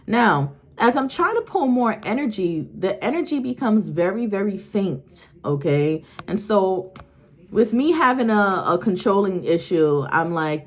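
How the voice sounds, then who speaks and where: This psychic medium has a mid-range voice with lively intonation and a measured pace. Speaking straight to viewers from her home, her dog close by, she tells spiritual stories casually, wandering, restarting sentences, and frequently adding "okay?" or "right?".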